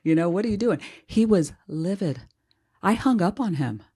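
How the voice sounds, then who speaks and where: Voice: medium pitch, expressive, moderate pace, dark tone, husky. Blunt, snarky podcast host. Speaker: HR professional. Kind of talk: casual podcast chat.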